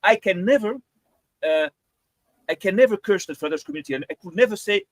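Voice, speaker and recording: A high-voiced man talks quickly and fervently, preaching to his community with earnest repetition. The sound is dry and close, with no echo. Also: animated.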